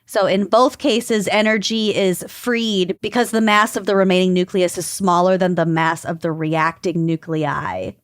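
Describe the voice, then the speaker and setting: A woman's voice: on the low side, steady tone, a little slow, few pauses, no echo, clean studio sound. A woman co-hosting a podcast, explaining research notes in a loose, joking way, full of "like" fillers. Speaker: podcast co-host.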